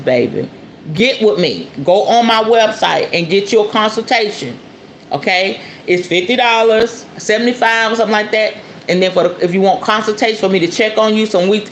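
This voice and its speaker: A woman in her forties hosting a podcast, talking casually and bluntly to her listeners, emphatic and a little scolding. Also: mid-range voice. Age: 40s. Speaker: podcast host and spiritual herbalist. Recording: roomy echo with faint ambient noise.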